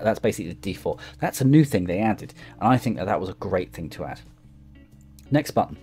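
A young man talks through a game in a chatty, rambling way, thinking aloud as he goes. His voice is low-pitched and mellow. Faint music plays behind him. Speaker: gaming YouTuber. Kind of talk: casual gameplay commentary.

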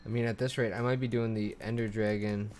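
A man's voice: fairly low pitch, flat delivery, fast talker, background noise. A young man giving casual, profane commentary while he plays a video game, thinking aloud as he goes. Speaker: gamer.

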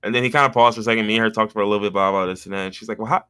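A man co-hosting a podcast, telling a story in casual chat and jumping into high mimicking voices when he quotes people. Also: fairly even intonation, very fast, bright, forceful tone, clear, resonant tone, dry recording, clean studio sound. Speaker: podcast co-host.

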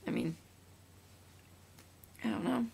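A woman's voice: slow pace, dark tone, slight background noise. A young woman vlogging at home into her laptop mic, chatty and rambling with lots of fillers and restarts. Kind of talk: casual webcam vlog. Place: room at home. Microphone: laptop built-in mic.

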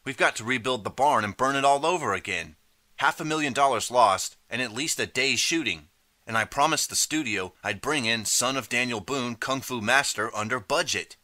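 A man voicing an angry, frantic male movie director who yells at a kid on set. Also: mid-range voice, normal speed, no room sound, voice pushed up, close to an everyday voice. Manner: shouting, frantic.

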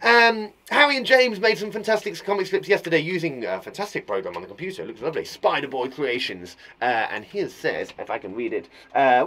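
An English teacher in his younger years talks to small children, bubbly and animated. His voice sits fairly high and swoops up and down a lot. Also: quick pace, hardly any pauses. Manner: bubbly and animated, reading out kids' work. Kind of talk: lively children's lesson.

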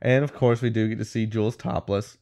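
A man's voice: lowish voice, steady tone, fairly quick, darkish tone. A man co-hosting a podcast, casually recapping a movie scene by scene, rambling with lots of filler words and laughing as he goes. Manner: rambling, full of "like" and "whatever", laughs mid-sentence. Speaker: podcast co-host.

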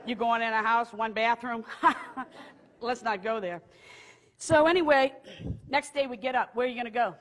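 A woman recounts a story in an animated, laughing way, often breaking into high excited outbursts. Her voice sits a little high, and the recording carries a long reverb from a hall. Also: normal speed. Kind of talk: testimony storytelling.

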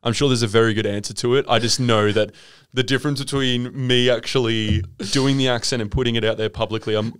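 A man's voice: medium pitch, fairly even intonation, a little fast, a bit bright, clean tone, dry recording, studio quality. A man from Brisbane with an Australian accent, co-hosting a podcast in wry, rambling casual chat. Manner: wry, rambling, self-interrupting. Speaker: podcast co-host.

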